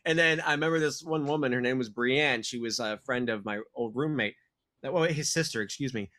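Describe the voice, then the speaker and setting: A man's voice: mid-range voice, fairly quick, sharp tone. A man in his thirties, a podcast co-host telling a long rambling story in casual chat, swearing and laughing often.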